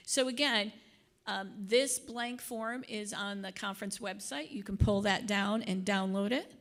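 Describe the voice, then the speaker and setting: A woman's voice: medium pitch, measured pace. An older woman from Michigan giving a conference workshop presentation, chatty, with joking asides and the odd stumble over her words.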